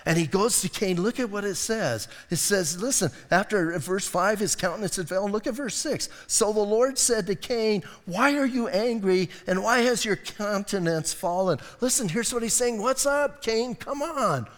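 Animated male pastor preaching in a hall. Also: high-pitched, moderate pace, hardly any pauses. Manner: animated, acts out voices in quotes; casual, conversational preaching. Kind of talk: sermon. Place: church hall.

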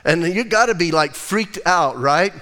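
A male pastor preaching in a church with long hall reverb. His voice sits a bit high for a man. He tells the scripture story in a loose, lively, chatty way. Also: unhurried. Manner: casual, animated Bible storytelling. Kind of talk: sermon. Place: church sanctuary.

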